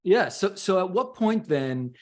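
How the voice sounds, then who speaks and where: A man co-hosts a relaxed podcast conversation. His voice sits somewhat high for a man. He mostly offers brief, encouraging interjections and the odd short question. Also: unhurried. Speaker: podcast co-host. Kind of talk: casual interview chat.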